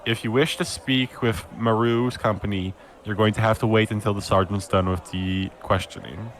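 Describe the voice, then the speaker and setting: A man voicing a stern but polite young male town guard in a tabletop game, speaking in a formal, measured way. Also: fairly low pitch, fairly even intonation, slight background noise, close to an everyday voice.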